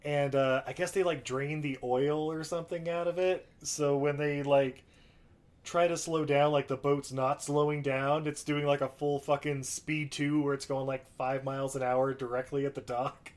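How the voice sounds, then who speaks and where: A man's voice: on the high side, little pitch movement, moderate pace. A man casually recapping a movie plot in a rambling, profane way, acting out the characters in raised voices. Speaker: podcast co-host.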